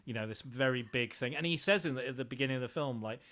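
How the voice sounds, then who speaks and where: Male podcast host, mid-pitched, casual, hesitant, lots of false starts. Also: fast talker, fairly bright tone. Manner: hesitant, many restarts. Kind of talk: casual film discussion.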